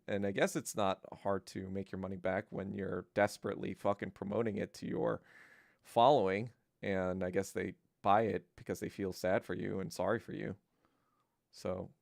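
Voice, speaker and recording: A man's voice: on the low side, moderate pace, creaky, no room sound, clean studio sound. A middle-aged male podcast host in a profane, mocking monologue, telling stories and ranting. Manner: profane, mocking, animated storytelling.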